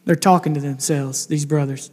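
A man's voice: on the high side, fairly even intonation, moderate pace, darkish tone, big-room sound. A man pastor preaching a sermon, reading scripture aloud and breaking in with pointed asides.

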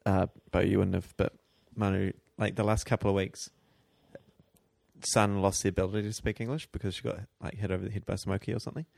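A man co-hosting a TV recap podcast in casual chat, lively and steering the conversation with quick asides. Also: low-pitched, creaky, no room sound. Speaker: podcast co-host.

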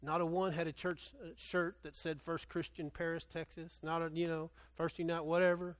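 Male pastor, high voice, animated sermon storytelling, loud bursts then hushed. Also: normal speed.

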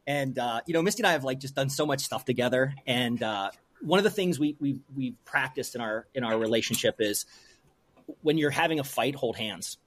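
A man's voice: medium pitch, fairly quick, a bit bright. A man in his forties, a brewery owner interviewed as a guest, talking openly and with feeling, rambling and restarting as he goes. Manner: open and heartfelt, rambling with restarts. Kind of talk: emotional interview conversation.

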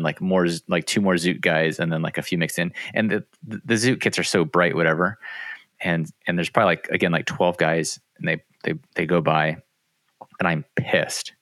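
A man's voice: low voice, a bit bright, no echo. A man hosting a podcast, chatting casually in a rambling way with many restarts. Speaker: podcast host. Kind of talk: casual chat.

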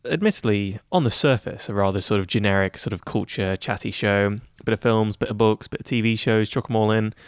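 A young man in his twenties talking in a relaxed interview, chatty and self-deprecating with lots of fillers. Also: fairly low pitch, fairly quick, few pauses, clear, resonant tone, dry recording, studio quality. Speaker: head of news at student radio. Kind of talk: casual interview chat.

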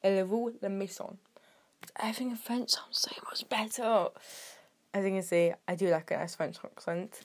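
A British teenage girl hosting her own podcast, rambling and sarcastic, with sudden jumps in loudness. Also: mid-range voice, flat delivery, normal speed. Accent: British English. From Britain. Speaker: podcast host. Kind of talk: casual solo podcast chat.

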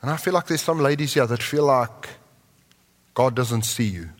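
A man preaching a sermon in a large church hall, moving between impassioned lines and soft, prayerful tones. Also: mid-range voice, moderate pace. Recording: long reverb of a large hall.

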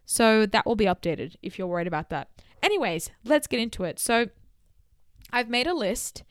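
A woman in her twenties hosting a casual solo podcast. She talks in an animated, chatty way with emphatic bursts. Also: a little high, moderate pace, no room sound, studio quality. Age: 20s. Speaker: podcast host.

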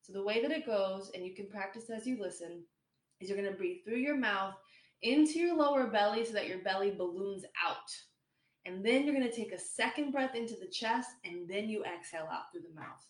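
A woman calmly guiding listeners through a breathing meditation, played as a clip within a podcast. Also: medium pitch, fairly quick, roomy sound. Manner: calm, instructive. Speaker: meditation guide. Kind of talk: guided breathing instruction.

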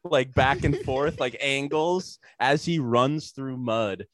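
A man's voice: mid-range voice, slow pace, no echo. A man on a casual podcast, telling a long rambling story full of fillers, profanity and sarcastic asides.

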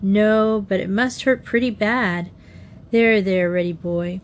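A woman reading aloud voices a calm teenage boy who speaks in a soothing, reassuring way. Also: mid-range voice, slow pace, a little hiss or hum, natural voice. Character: kind, calm teenage boy, older brother.

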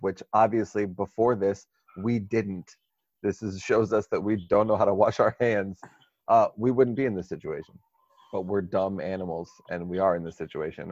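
A man's voice: lowish voice, a little mellow, dry recording. Male podcast co-host, casual and crude, on a dull dry recording. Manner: crude, sarcastic, laughs often.

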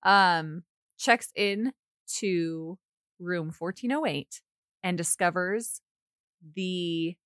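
A woman co-hosting a movie podcast, laughing often and talking in a playful, animated way into a studio mic. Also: fairly low pitch, drawn-out words, long pauses, clean tone, no echo. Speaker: podcast co-host. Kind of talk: casual movie recap chat. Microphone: pop filter studio mic.

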